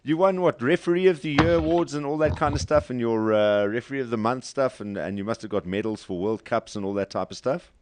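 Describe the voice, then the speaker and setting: A man's voice: medium pitch, a little fast, hardly any pauses, a little hiss or hum. A man hosting a radio show, joking and teasing his guest over a video call. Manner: joking, teasing, laughs often.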